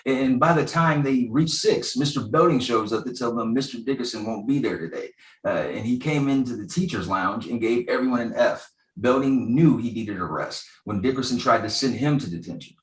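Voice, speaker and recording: A man co-hosting a podcast, recapping a TV episode with dry, deadpan quips. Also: medium pitch, brisk, distant mic. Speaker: podcast co-host. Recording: echoey room, set back from mic.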